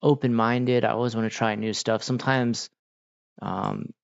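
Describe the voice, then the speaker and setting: A man with a creaky, mid-range voice answers his livestream chat at normal speed, his intonation fairly even. The talk is laid-back and slangy, with lots of fillers, and the sound is dull and lo-fi.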